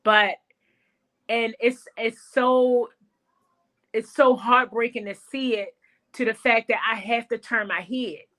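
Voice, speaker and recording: Salon-owner guest, woman; bright, lively storyteller. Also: a little high, takes it slowly, pauses often. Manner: animated storyteller, calls the host girl. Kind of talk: casual interview chat.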